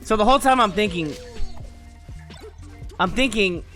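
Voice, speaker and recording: A young man spins a casual story in a high, bright voice that swings widely up and down. He talks in an animated, profane way and often breaks into laughter. Faint music plays behind him. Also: measured pace. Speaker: gamer telling stories.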